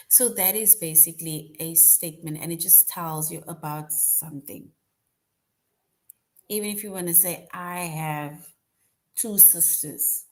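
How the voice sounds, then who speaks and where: A woman teaching a grammar lesson to young children, patient and repetitive, often checking in with "right?". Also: fairly low pitch. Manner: patient, repeats points, frequent "right?" checks.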